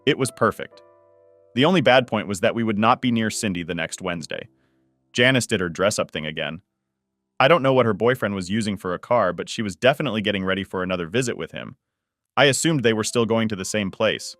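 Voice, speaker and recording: A man narrating a first-person family story in a steady, matter-of-fact way. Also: fairly low pitch, fast, no echo, studio quality, faint music behind.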